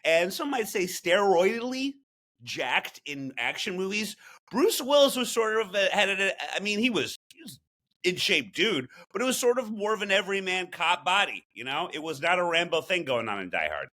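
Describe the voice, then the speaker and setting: A man's voice: sits high, very animated, normal speed, sharp tone. A man co-hosting a comedy show, chatting in a rambling way with wry asides. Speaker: co-host. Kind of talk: casual comedic chat.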